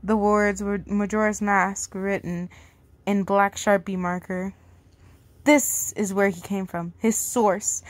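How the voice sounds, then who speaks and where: A woman's voice: medium pitch, flat delivery, takes it slowly, no echo. Outspoken woman reading fan fiction aloud. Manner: casual, outspoken, reacts loudly with swearing. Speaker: story reader.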